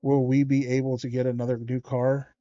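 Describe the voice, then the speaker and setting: A man's voice: medium pitch, monotone, brisk, dark tone, no room sound, lightly acted. A man voicing a worried young boy asking direct questions, in a storybook reading. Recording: dull lo-fi stream audio.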